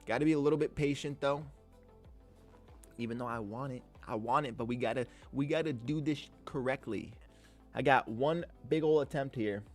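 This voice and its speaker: A man hosting a live trading stream, giving casual, energetic commentary full of slang, occasional swearing and shout-outs to viewers. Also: mid-range voice, normal speed, soft background music. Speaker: livestream host and day trader.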